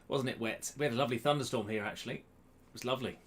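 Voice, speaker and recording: A man's voice: medium pitch, fast. Man, quiz host, casual live-stream chat, webcam close up, faint hiss behind. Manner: chatty, self-mocking, greets viewers by name. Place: home room, indoors. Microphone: webcam close to the face.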